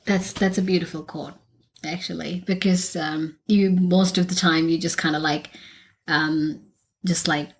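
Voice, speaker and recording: A woman's voice: on the low side, fairly even intonation, a little slow. A woman co-hosting a podcast in casual chat, talking with many fillers and restarts. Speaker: podcast co-host.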